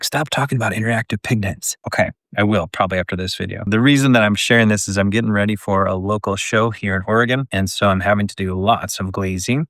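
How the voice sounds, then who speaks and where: A man's voice: fairly low pitch, no echo. A middle-aged man in his pottery studio, casually talking through a glazing demonstration as he works. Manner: relaxed, chatty, talks while working. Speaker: pottery teacher.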